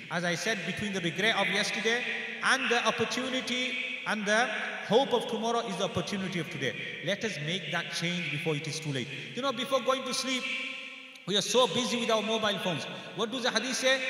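A man delivers a rapid, exhorting sermon with a high, piercing brightness. He keeps his listeners engaged with question after question, repeats key phrases, and slips into brisk Arabic recitation. His voice carries from a distance through a large hall with long, booming echo. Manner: recites Arabic verses and hadith quickly. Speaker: mufti giving a graduation lecture. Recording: echoey hall, voice from a distant mic.

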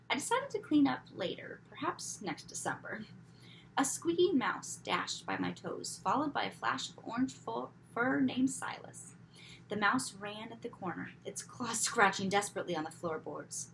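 Expressive woman reading a novel aloud. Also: medium pitch, gravelly, slight background noise, poor audio. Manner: expressive storytelling, dropping to whispers for asides. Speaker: reader.

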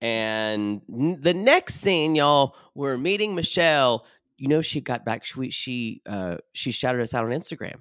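Man, podcast co-host, animated chatty recap, lively pitch, dry sound. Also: measured pace, no echo. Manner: animated, laughs often, acts out quotes. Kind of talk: casual chat recapping reality TV.

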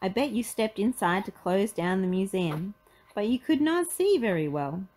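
A woman voicing a smart, confident young woman sleuth with a bright, knowing, high voice. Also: lively intonation, moderate pace, lightly acted.

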